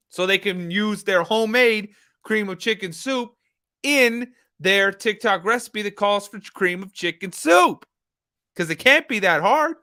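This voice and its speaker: A man hosts a live true-crime stream, reacting to footage in an animated, swearing way and chatting with viewers. His voice sits high and sounds bright and forceful. The room sounds dry and close. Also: dry recording. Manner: animated, swearing, laughing asides to chat.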